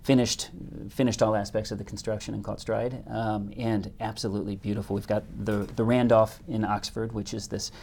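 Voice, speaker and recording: A hotel company executive being interviewed about business, this man speaks haltingly with frequent restarts and repetitions. His voice is fairly low and darkish, with vocal fry and a flat delivery.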